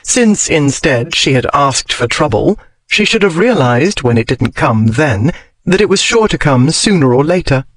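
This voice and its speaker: A man reading a historical romance novel aloud as audiobook narrator, in a measured storytelling manner. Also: on the high side, very animated, fairly bright tone, no echo. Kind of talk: scripted narration.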